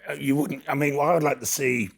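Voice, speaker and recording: A man co-hosting a casual podcast chat, throwing in quick joking asides. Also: mid-range voice, fairly even intonation, vocal fry.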